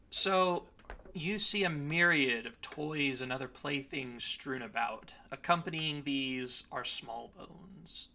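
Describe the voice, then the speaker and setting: A man runs a tabletop game, his voice bright and edged with fry. He describes each room in steady, plain narration and calls for dice rolls. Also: mid-range voice. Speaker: dungeon master. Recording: noisy stream audio.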